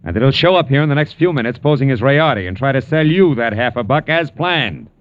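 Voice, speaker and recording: An actor playing a wry, wisecracking private detective in an old radio drama, also narrating. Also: male voice, medium pitch, animated, a little fast, lightly acted. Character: hard-boiled male private detective, wisecracking. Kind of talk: 1940s radio acting with narration. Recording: dull old radio broadcast with faint music.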